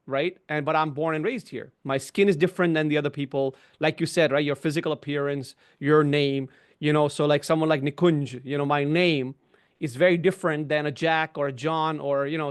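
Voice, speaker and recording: Webinar guest, middle-aged male, a bit high-pitched, explanatory, leans on "right?" and "you know". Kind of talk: conversational webinar discussion.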